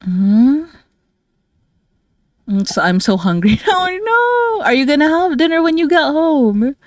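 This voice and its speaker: Slow, tired woman streamer. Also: high-pitched, sing-song, dry recording, clean studio sound. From Philippines. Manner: rambling and chatty, many fillers, frequent soft laughs. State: tired and low on energy. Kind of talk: casual livestream chat with viewers.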